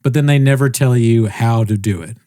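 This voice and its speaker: A man's voice: mid-range voice, brisk, no room sound. Young man telling a rambling story, dry close mic. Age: young adult. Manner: rambling, animated, mimics others' voices. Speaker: podcast co-host. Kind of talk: casual storytelling chat.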